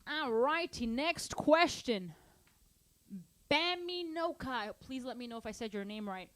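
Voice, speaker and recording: A woman's voice: sits high, animated, unhurried, fairly bright tone, dry recording. A woman teaching drums in a casual online lesson, chatty and playful, singing patterns aloud. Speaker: drum teacher answering student questions. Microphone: studio microphone at drum kit.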